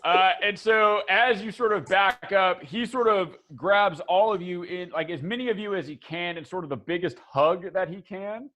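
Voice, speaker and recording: A man's voice: high voice, normal speed, few pauses, a bit bright. A man narrating a tabletop game as game master, rambling with many fillers and restarts, on a dull lo-fi recording.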